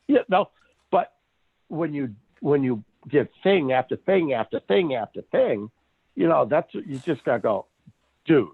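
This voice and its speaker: Gravelly man on a phone line. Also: fairly high pitch, unhurried, no echo. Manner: animated storyteller, restarts a lot, laughs often. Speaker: psychic medium guest. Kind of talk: casual podcast chat. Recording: tinny phone line, dry.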